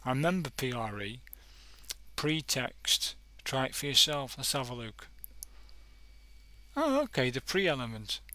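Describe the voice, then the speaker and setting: A man runs a casual screen-recorded coding lesson, rambling and self-correcting as he browses examples. His voice is bright and forward. The recording is dry, with no room sound. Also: mid-range voice, moderate pace, dry recording. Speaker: coding tutorial host.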